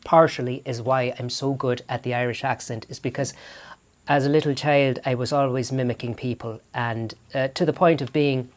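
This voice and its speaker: A man's voice: mid-range voice, steady tone, moderate pace. Chatty man telling stories. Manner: chatty, frequent restarts and self-corrections. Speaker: vlogger. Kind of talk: casual storytelling to camera. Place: barn turned into a small studio.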